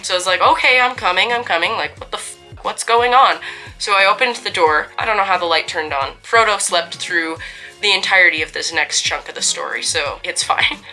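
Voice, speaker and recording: A woman's voice: lowish voice, sharp tone, rough recording. A young woman telling a story to camera in a casual, chatty way, full of asides and self-corrections.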